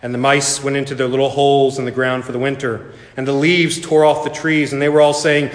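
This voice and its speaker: A man preaching a sermon and telling a story, earnest and slow, dropping soft for emphasis. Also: medium pitch, little pitch movement. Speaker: pastor. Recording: echoey hall reverb.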